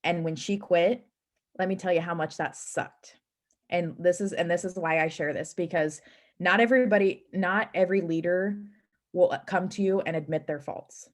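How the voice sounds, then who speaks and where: A woman's voice: lowish voice, steady tone, normal speed. A woman on a team video call earnestly sharing advice, with frequent fillers and restarts.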